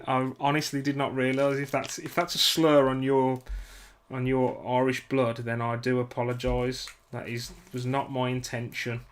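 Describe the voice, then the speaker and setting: Working at his bench, this young Brit keeps up self-mocking, apologetic banter with his stream chat in a British accent. His medium-pitched voice sounds a bit bright, with slight background noise.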